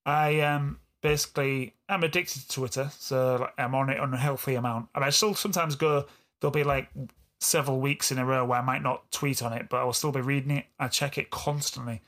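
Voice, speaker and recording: A man's voice: medium pitch, steady tone, brisk, a bit bright. A man with an East Yorkshire accent, co-hosting a podcast in a rambling, self-deprecating casual chat. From England. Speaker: podcast co-host.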